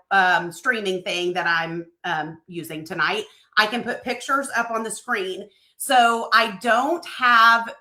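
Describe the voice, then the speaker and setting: A woman, hosting a live stream in a chatty, excited way and reading viewers' comments aloud. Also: on the high side, roomy sound. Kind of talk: emotional live-stream book reveal.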